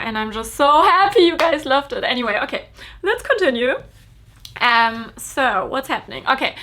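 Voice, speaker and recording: A woman's voice: a little high, bright, forceful tone. A young woman giving a casual, emotional vlog update, chatty and full of fillers. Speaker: fashion vlogger and brand founder.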